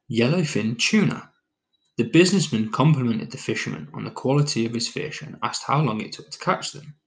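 A man's voice: medium pitch, low-quality recording. A man hosting a fitness podcast, talking casually and jokily, then reading a parable aloud. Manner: jokey, chatty, relaxed. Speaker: podcast host.

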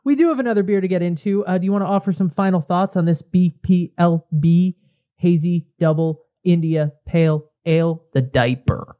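A man co-hosting a beer podcast in casual chat, easygoing and halting as he talks. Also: high-pitched, warm tone. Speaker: podcast co-host.

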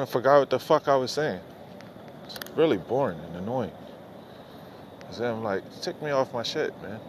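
A podcast host with a mid-range voice delivers an unfiltered late-night rant outdoors, speaking into a phone headset. He's rambling, profane and exasperated, with slight background noise behind him.

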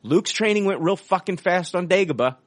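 A man co-hosting a podcast, talking excitedly about a film trailer and swearing casually. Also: sits high, fairly quick, no echo. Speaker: podcast co-host.

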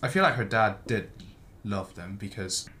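Deep-voiced man thinking aloud. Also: lively intonation, normal speed, sharp tone. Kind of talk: casual chat. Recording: faint background noise.

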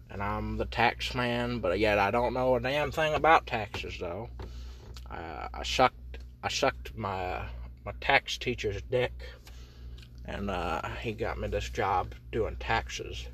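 A dim, sleazy tax man drones in a slow, low mumble, played by a man. The voice stays bright despite the sluggish, dragging delivery. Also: slight background noise. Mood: deadpan.

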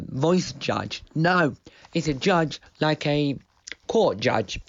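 A man voicing a chatty presenter called Donald in a comic radio sketch, soft and meandering. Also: mid-range voice, no room sound, muffled recording.

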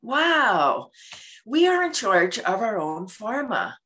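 A woman being interviewed casually about laughter yoga laughs frequently and plays out everyday scenes. Her mid-range voice swings widely in pitch at a measured pace, with a fairly bright tone.

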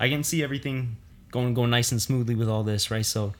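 A young man with a Canadian accent, a first-time podcast guest speaking earnestly and gratefully, with halting restarts. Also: mid-range voice, steady tone. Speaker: guest, music producer. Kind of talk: podcast interview.

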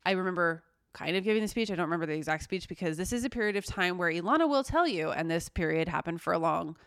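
A woman's voice: lowish voice, lively intonation, quick pace, a bit bright, smooth, dry recording, clean studio sound. A woman in her thirties co-hosting a podcast, telling personal stories in casual chat and swearing often. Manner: storytelling, frequent swearing. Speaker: podcast co-host.

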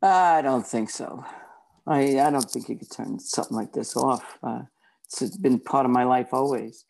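A woman from Brooklyn, a psychic and author telling her story in an interview, talking fast and acting out quotes. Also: rumbling low, vocal fry, a little mellow. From Brooklyn, New York.

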